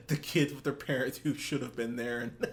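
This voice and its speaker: A man's voice: mid-range voice, fairly even intonation, normal speed. A young man co-hosting a movie podcast, gushing in casual chat, swearing often and laughing. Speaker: podcast co-host. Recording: faint background noise.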